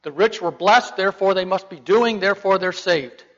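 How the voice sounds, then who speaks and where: A man's voice: sits high, moderate pace, fairly bright tone. A man teaching a Bible lesson in a conversational way, putting rhetorical questions to his listeners. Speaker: preacher. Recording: dull reverberant hall recording.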